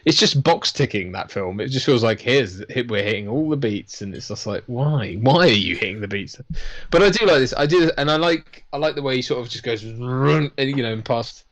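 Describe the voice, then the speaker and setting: A man's voice: medium pitch, animated, brisk. A man casually chatting through a film watch-along, rambling and swearing, laughing often. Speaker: podcast co-host. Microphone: lavalier.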